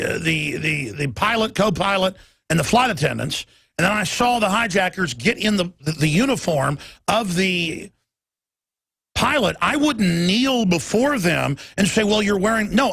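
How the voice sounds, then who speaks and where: High, gravelly male talk radio host. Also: a bit bright, dry recording. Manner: heated, emphatic, repeats words when worked up.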